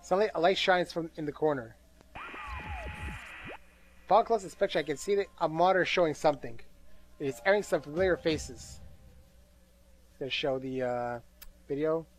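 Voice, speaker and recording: A man with a fairly high voice reads game narration aloud at a moderate pace, pausing often. As a gameplay commentator mid-playthrough, he sounds tired and bored, with minor slips and side remarks.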